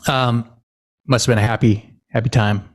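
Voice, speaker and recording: A medium-pitched male voice at normal speed belongs to a podcast co-host recounting family stories during a casual chat. He laughs a lot and tells the tales animatedly.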